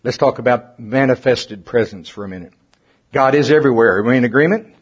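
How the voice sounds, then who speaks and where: A man preaching a sermon to a congregation in a folksy, animated way, his voice climbing at the high points, his mouth getting dry. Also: a little fast, husky. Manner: animated, folksy, rises in pitch and volume at climaxes. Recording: dull lo-fi sound.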